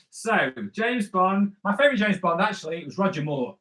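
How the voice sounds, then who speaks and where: A man hosts a live drawing stream, talking through each sketch as he goes. His voice sits a little high and rings bright and forward. He keeps it playful and chatty, answering viewers on the spot. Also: normal speed, poor audio. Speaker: comic artist host.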